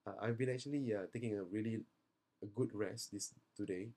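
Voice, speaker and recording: A tired young man with a fairly low voice speaks earnestly to parents after a youth seminar. He reassures them in a plain, personal way, full of ums and restarts. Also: fairly quick, warm tone. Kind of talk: video message to parents.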